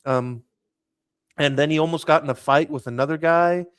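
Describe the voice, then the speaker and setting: A podcast host tells a loose travel story in casual chat, wandering, restarting, and filling his talk with "like." His voice is on the high side, fast, steady, fairly bright, clear and resonant. The recording is dry, with little room sound around it.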